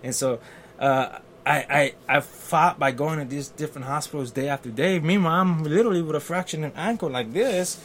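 Animated man telling a story. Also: a little high, normal speed, slight background noise. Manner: animated, acts out quotes, fillers and restarts. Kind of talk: casual storytelling.

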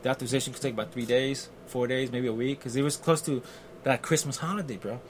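With a little hiss or hum in the recording, a man speaks quickly in a medium pitch while recounting a personal story in casual conversation. Animated, he acts out quotes and often uses fillers and restarts.

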